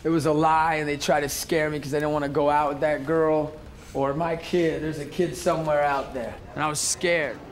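A rambling, blunt man recalls his past in a slightly raised voice. He often circles back and repeats himself. Steady outdoor noise sits clearly under the recording. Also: a little high, normal speed. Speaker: street minister. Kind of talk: personal testimony interview.

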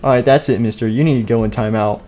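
A man's voice: medium pitch, fast talker, warm tone. A young man hosting an improvised game role-play, talking casually with lots of fillers and playful humming. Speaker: gaming channel host.

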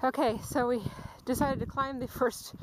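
Woman talking to her camcorder on a hike, kinda high voice, road noise behind her, chatty, yells to her dogs. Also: normal speed. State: panting. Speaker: vlogger filming a hike. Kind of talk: casual hiking vlog narration. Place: outdoors on a forest and dune trail. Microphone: handheld camera mic. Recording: outdoor camcorder audio with steady background noise.

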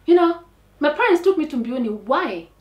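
A young woman with a Kenyan accent telling a comic personal story in a dramatic, animated way. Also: high voice, normal speed, lo-fi sound. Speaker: storyteller on a talk show. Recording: echoey room, mic at a distance.

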